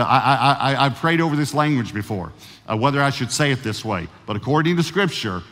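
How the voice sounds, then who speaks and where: A man preaching a sermon as pastor, who slows down to stress key words and often restarts his sentences. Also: mid-range voice, fairly bright tone. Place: large church. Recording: church sanctuary reverb.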